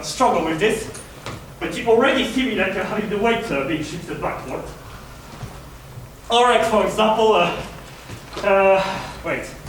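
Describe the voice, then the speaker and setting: A man's voice: sits high, background noise. Man, rambling panel speaker, slightly raised voice, distant mic in a reverberant hall. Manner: rambling with many fillers, acting out bits. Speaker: convention panelist. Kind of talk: casual panel talk demonstrating acting reference. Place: large convention hall. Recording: echoey hall from far off.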